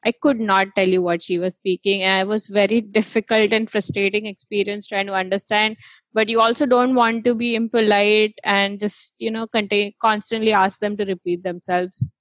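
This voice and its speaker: A woman's voice: mid-range voice, steady tone, moderate pace, dry recording, lo-fi sound. A woman co-hosting a casual chat, talking freely with frequent laughs and many "um"s. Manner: chatty, laughs often, many fillers.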